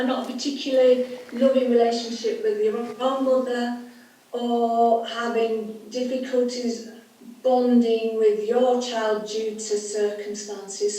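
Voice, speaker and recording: A woman's voice: fairly high pitch, a little mellow. Northern english woman from cumbria on a call, frank and a bit laughy, sits back from the mic in a really echoey room. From Kendal, Cumbria, England. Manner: frank, laughing, quick when heated. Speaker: participant asking a question. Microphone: video call. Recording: echoey room, far from the mic, faint background noise.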